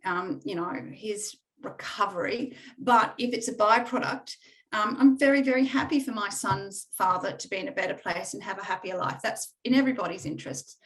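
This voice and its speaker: A middle-aged woman, a coaching client, speaking candidly and reflectively in conversation, halting often with fillers. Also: mid-range voice, fairly bright tone, poor audio.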